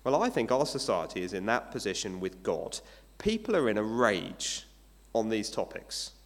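A man's voice: fairly low pitch, very animated, moderate pace. Guy preaching a sermon, chatty, lots of questions to the room, voice goes up and down a lot, long echo like a big church. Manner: conversational preaching with rhetorical questions. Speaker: pastor. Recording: long hall reverb.

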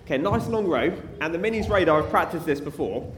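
A man's voice: fairly high pitch, expressive, quick pace. A man preaching at a family service, talking playfully to the children and coaxing them to join in. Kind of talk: lively children's talk in church. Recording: roomy church hall with faint ambience.

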